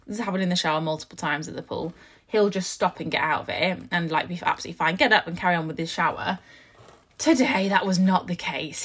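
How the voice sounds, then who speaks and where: A woman's voice: mid-range voice, a bit bright. A young woman, chatting casually to viewers and telling a story at length, full of "like" and restarts. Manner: chatty, rambling, heavy use of "like". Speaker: mum vlogger.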